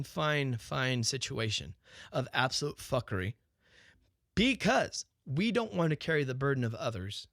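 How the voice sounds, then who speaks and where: A man's voice: mid-range voice, fairly bright tone, no room sound, studio quality. A man hosting his own talk show, ranting profanely in an unscripted monologue, firing rhetorical questions and restarting his sentences.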